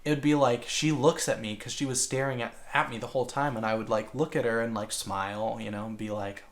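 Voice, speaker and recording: Rambling man telling stories, mid pitch. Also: steady tone, brisk. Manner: rambling storyteller full of fillers. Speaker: podcast co-host. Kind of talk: casual chat.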